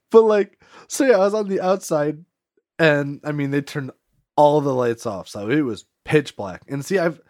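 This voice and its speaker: A man's voice: on the high side, expressive, moderate pace, darkish tone, no echo, studio quality. A man co-hosting a podcast, telling a story in a rambling way with many "like"s and frequent laughter. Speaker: podcast co-host. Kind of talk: casual storytelling chat.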